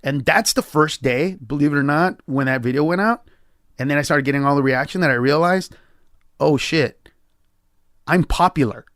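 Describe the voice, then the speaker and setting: Telling a profane, emphatic story as a podcast guest, the male comedian jumps abruptly in pitch to perform quoted dialogue. He talks a little fast with a slightly bright voice, and the studio-quality recording has no echo.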